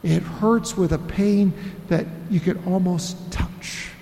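A man preaching a sermon as pastor, emphatic, repeating phrases and slowing for weight. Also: sits high, vocal fry, warm tone. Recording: echoey hall with long reverb.

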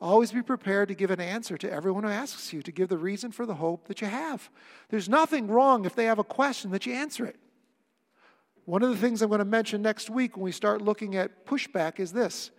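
A man preaching a sermon as pastor, building to impassioned near-shouting and then dropping to a quiet, conversational tone. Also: high voice, a little fast, big-room sound.

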